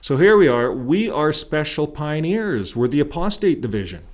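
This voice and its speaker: A man's voice: a little high, sing-song, moderate pace. A man from Canada hosting his own channel, talking casually to viewers in a folksy, rambling way, with filler words and restarts. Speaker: YouTube channel host. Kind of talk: casual vlog talk to viewers. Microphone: desktop mic while screen recording.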